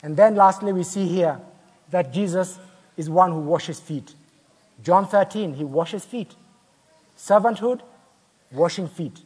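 Preacher guy, kinda high and husky voice, long echo like a big church hall. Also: unhurried, long pauses, darkish tone. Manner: storytelling, acts out quoted voices, rhetorical questions. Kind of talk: sermon.

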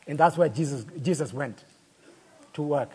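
A man's voice: a little high, normal speed, dark tone, breathy edge. A man preaching a sermon, telling stories and asking rhetorical questions, acting out the people he quotes. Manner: storytelling, acts out quoted voices, rhetorical questions. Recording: long hall reverb.

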